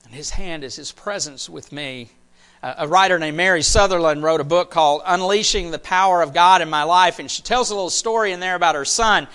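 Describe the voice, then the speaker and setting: A man preaching a sermon, animated, repeating phrases and dropping almost to a whisper for emphasis. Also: on the high side, fairly quick, clear, resonant tone. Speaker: pastor.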